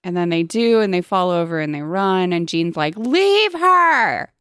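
A young woman co-hosting a casual chat, retelling a book in a deadpan, sarcastic way. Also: on the low side, fairly quick, smooth, dry recording, studio quality. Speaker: podcast co-host.

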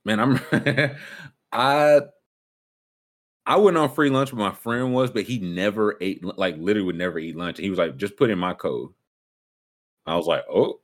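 A man co-hosting a casual chat, telling animated, slangy stories and acting out what other people said. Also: fairly low pitch, moderate pace. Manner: animated storyteller, slangy, acts out quotes in voices.

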